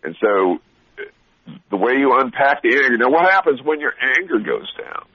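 A man's voice: medium pitch, very animated, moderate pace, dry recording, muffled recording. A man speaking bluntly on a radio talk show, telling stories animatedly and laughing often between restarts. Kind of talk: casual motivational radio talk.

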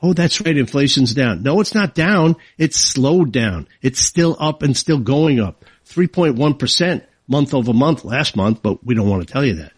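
A man's voice: medium pitch, animated, normal speed, hardly any pauses, slightly rough, no echo. A man hosting a talk show, delivering a combative, sarcastic political monologue. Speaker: radio talk show host.

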